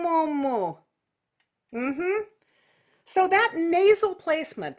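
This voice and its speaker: An American woman teaching an online singing lesson, explaining technique and breaking into loud nasal vocal exercises. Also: a little high. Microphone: video call.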